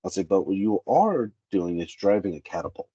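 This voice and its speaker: A man with a very low, husky voice talks through job-site stories and acts out what people said. The sound is dry and a little muffled. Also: brisk, no room sound. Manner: animated, acts out quoted dialogue. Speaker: safety specialist guest. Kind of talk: candid interview storytelling.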